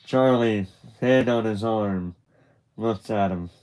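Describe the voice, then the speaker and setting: Slow, chatty man reading a story live. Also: lowish voice, darkish tone, clear, resonant tone, rough recording. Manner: loose and chatty, with restarts and laughter. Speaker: live streamer reading a graphic novel. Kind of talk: casual live read-along narration.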